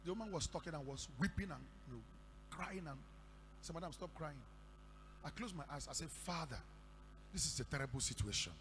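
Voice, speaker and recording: Nigerian pastor shouting in an echoey hall. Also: male voice, a little high, lively intonation, brisk, pauses often. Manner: storytelling with sudden shouted declarations. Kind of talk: sermon. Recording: echoey hall with faint hum.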